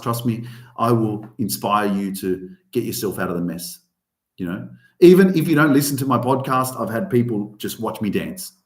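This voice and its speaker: A man's voice: mid-range voice, reverberant. A man hosting a podcast, giving an emphatic motivational rant full of swearing. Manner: animated, heavy swearing, emphatic. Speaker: podcast host.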